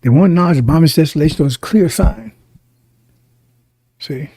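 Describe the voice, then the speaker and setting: Gravelly, emphatic male preacher. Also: fairly high pitch, lively intonation, fast talker, warm tone, no echo. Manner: emphatic, repetitive, addresses listeners directly. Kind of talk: sermon.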